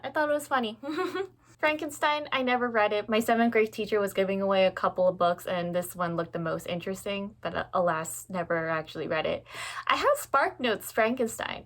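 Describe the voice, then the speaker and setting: A woman's voice: medium pitch, a bit bright. A woman in her twenties talking casually at home about her bookshelves, candid and self-mocking, laughing often and swearing offhandedly, filmed on her phone. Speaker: book vlogger. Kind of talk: casual chatty vlog. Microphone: phone camera.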